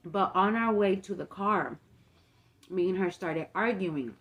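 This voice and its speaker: A young woman vlogger with a mid-range, slightly bright voice speaks a bit slowly as she tells a long story in a casual, chatty way. She swears freely and fills it with lots of fillers.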